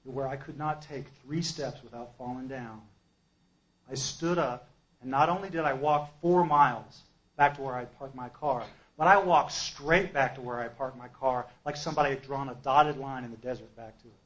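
With highs cut off in the audio, a man of medium pitch speaks at a normal rate. He's telling his own story at a recovery meeting, emphatic throughout and shifting between loud bursts and soft asides.

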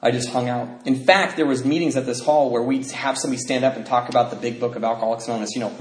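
A man telling his recovery story to an audience as an animated storyteller who laughs as he talks. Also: medium pitch, racing. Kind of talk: personal testimony to an audience. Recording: echoey room with faint noise.

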